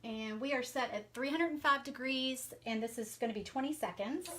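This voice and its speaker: A woman's voice: sits high, moderate pace, hardly any pauses, a bit bright, slight background noise. A woman with a Southern American accent chatting casually with viewers as she works on a craft live stream, with plenty of fillers along the way. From Southern United States. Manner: chatty, talks to viewers while working, many fillers. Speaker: craft vlogger.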